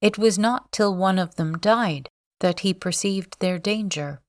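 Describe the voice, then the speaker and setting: Slow, calm woman reading a bedtime story. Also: medium pitch, no echo, studio quality. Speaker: audiobook reader. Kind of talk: sleep story narration.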